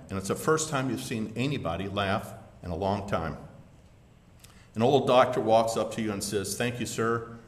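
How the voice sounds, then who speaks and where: A man preaching a sermon, telling a story with dramatic swells and sudden quiet drops. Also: fairly low pitch. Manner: dramatic storytelling, swelling then dropping to a hush. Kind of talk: sermon illustration told as a story. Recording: echoey hall with long reverb.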